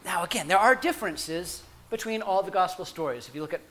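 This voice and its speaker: A man preaching a sermon in a playful, animated way, breaking off into humorous asides and restarting his phrases as he goes. His voice is pitched high for a man and swings widely up and down. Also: fast.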